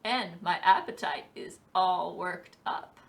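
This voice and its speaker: A woman's voice: on the low side, slow, vocal fry, pitched below the performer's own voice. A woman voicing a hungry little male fox who sulks and pleads, in a children's storybook reading. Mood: sly. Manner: pleading, sulky.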